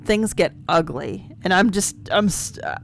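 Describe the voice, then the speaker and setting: A woman's voice: lowish voice, expressive, a little slow, creaky, slight background noise. A woman co-hosting a podcast, chatting casually and going off on tangents while reading game text aloud. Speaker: podcast co-host.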